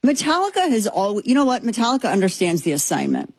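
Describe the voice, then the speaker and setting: Slightly rough and a little high, this woman's voice comes fast in a dry recording made through headphones. The Texan in her thirties runs a casual commentary show, delivering her opinions with animated sarcasm and emphatic repetition.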